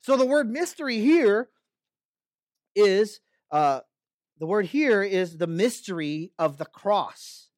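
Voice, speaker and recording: A man's voice: high-pitched, lively intonation, takes it slowly, no room sound. A male pastor giving an earnest expository sermon, often checking in with his listeners and building to impassioned rhetorical questions.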